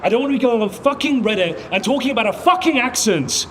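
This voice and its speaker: Casting note: irritated high-voiced man scolding a teammate, light hum behind. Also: expressive, fast, a bit bright. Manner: frustrated, casual scolding. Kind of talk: scripted comedy sketch.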